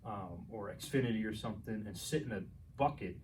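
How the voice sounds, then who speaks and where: New man, podcast co-host, mid pitch, rambling and profane, distant mic with light hiss. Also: a little fast. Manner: rambling, profane, laughs while telling stories. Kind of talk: casual storytelling chat. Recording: distant mic, faint noise.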